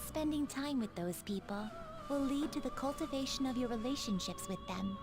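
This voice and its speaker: An actress playing a polite young female warden who speaks calmly and formally. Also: high voice, moderate pace. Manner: calm and formal. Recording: game audio with music behind.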